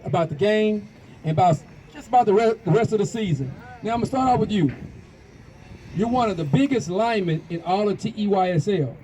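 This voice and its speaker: A man's voice: high-pitched, warm tone, slight background noise, poor audio. A man hosting a youth football show, interviewing players and coaches outdoors at a field with upbeat, punchy promoter's hype. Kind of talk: sideline interview after a game.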